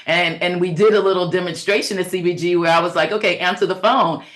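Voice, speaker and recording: A woman's voice: lowish voice, fairly even intonation, fast, fairly bright tone. A middle-aged woman coaching childcare owners in a webinar talk, earnest and conversational with many fillers, and preacherly as she cites scripture.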